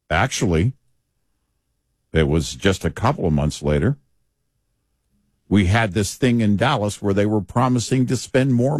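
Exasperated political talk host, slow and lively. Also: male voice, lowish voice, no echo, studio quality. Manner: frustrated, emphatic, rising to sharp peaks. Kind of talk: political talk radio commentary.

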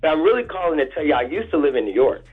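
An earnest caller talks quickly, rushing from one point to the next. His voice is slightly husky and comes through a thin, tinny phone line. He sounds eager to be heard. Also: on the high side, sing-song. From New Orleans, USA. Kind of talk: call-in radio chat.

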